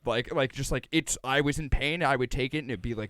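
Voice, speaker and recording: A man's voice: medium pitch, brisk, few pauses, a bit bright, no room sound, clean studio sound. A young man co-hosting a podcast, bantering in slang with a lot of swearing. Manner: laid-back slangy banter, frequent swearing and laughter. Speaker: podcast co-host. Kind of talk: casual comedic chat.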